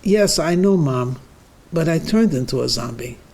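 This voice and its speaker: A man's voice: fairly high pitch, moderate pace, gravelly, a little hiss or hum. A man playing a stubborn self-proclaimed zombie. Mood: insistent. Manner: calm, matter-of-fact insistence.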